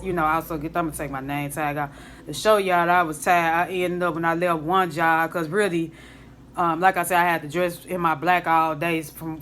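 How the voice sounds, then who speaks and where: A young woman talks to camera from her home in a low, easy voice. She rambles in a relaxed way, circling back and restarting her sentences. A faint background hiss sits under the recording. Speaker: vlogger, hotel banquet server. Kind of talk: casual chat to camera. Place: at home, indoors.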